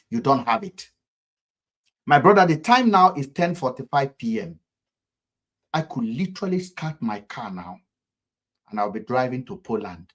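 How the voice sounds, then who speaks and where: Nigerian male commentator, mid-pitched, fervent and repetitive, jumps between loud outbursts and quiet lines. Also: animated, a little slow, long pauses. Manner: fervent, repetitive, sharp swings in loudness. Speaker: political commentator. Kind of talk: impassioned political commentary.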